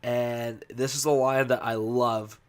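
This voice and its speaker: A man's voice: mid-range voice, flat delivery, slow, clean tone. Man ranting on a casual podcast. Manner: ranting, profane, heated; loose, hesitant with many fillers. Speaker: podcast host.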